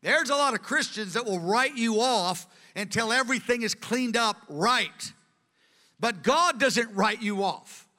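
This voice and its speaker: A man preaching a sermon with earnest, animated delivery, in a large hall. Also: very high voice, measured pace. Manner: earnest, acts out quoted voices. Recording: long hall reverb.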